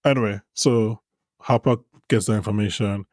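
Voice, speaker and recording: Low-voiced man in casual podcast chat. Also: fairly even intonation, moderate pace, darkish tone, no room sound, studio quality. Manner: chatty, hesitant restarts, laughs easily. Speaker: podcast co-host.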